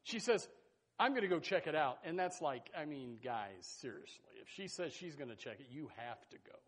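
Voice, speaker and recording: Animated, high-pitched preacher man. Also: normal speed. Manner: animated, folksy preaching with sudden loud bursts. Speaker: pastor. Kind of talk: sermon.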